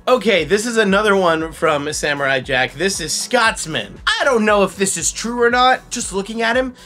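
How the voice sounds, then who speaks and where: A male impressionist hosts a playful voice-guessing game, and his bright voice swings widely in pitch. He laughs often and keeps the delivery animated, with faint music behind. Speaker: voice impressionist, host.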